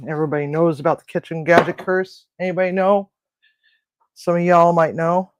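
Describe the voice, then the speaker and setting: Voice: medium pitch, level tone, normal speed, no room sound. A host chatting casually on a live cooking stream, talking to viewers and grumbling to themself while cooking in a home kitchen.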